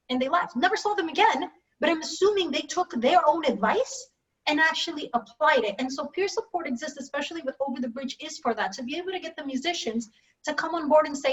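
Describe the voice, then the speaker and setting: A woman with a high voice talks through a video call webinar, telling stories and acting out the lines of people she quotes. She sits some way from her mic. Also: fast, far from the mic, highs cut off. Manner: animated storyteller, acts out quoted voices. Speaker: mental health professional. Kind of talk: webinar panel talk.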